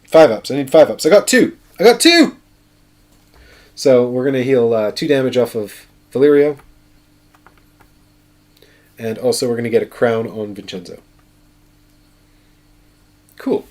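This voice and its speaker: A man's voice: medium pitch, unhurried, long pauses, mellow. A man hosts a casual solo board game playthrough. He chats and thinks aloud, counting out his moves. His voice sits mid-range for a man. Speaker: board game player and show host.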